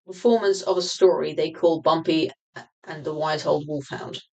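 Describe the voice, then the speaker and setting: A woman reads aloud from her own nonfiction book for a livestream audience. Her voice sits on the low side, and she keeps a steady, explanatory pace, now and then backing up to restart a word. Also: low-quality recording. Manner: measured, explanatory reading with occasional restarts.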